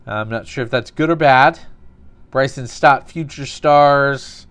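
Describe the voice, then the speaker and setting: A man's voice: medium pitch, slow, a bit bright, smooth. A man casually narrating a card opening, calling out cards and telling dry, absurd little stories between pulls.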